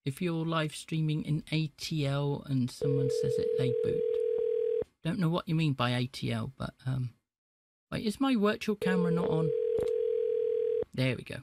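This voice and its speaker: A man's voice: fairly high pitch, moderate pace, very noisy. A man live-streaming, chatting to viewers and prank-calling scammers. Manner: chatty, talks to chat between calls.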